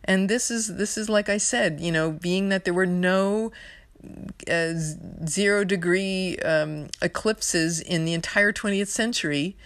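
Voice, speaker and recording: A woman's voice: on the low side, a little slow, dry recording. A woman from New York hosting an astrology podcast, talking in a rambling, earnest and emotional way with lots of fillers. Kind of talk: casual spiritual podcast monologue.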